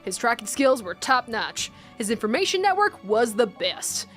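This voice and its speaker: A woman voicing a calm young woman who tells a grim tale in a slow, measured way. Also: fairly high pitch, soft background music. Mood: storytelling. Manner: measured, slow storytelling read. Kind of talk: reading a visual novel aloud.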